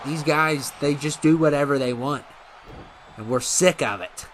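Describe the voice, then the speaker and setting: A man's voice: a little high, measured pace. Guy doing chill commentary over a wrestling game, kinda rambly, noisy home recording. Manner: rambling, self-correcting, laid-back. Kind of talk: casual play-by-play commentary.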